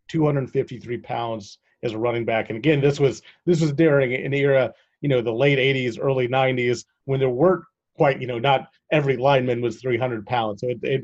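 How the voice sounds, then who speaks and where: A man's voice: mid-range voice, a little mellow. A man hosting a podcast interview, easygoing, asking long, winding questions. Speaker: podcast host. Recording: muffled sound.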